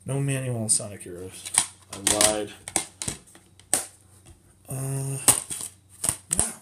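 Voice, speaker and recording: Male vlogger, unhurried, rambling show-and-tell, audible hiss and clicks behind. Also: medium pitch. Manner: rambling, self-correcting, chatty. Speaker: game collector showing finds. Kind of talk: casual show-and-tell vlog. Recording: clear background noise with clicks.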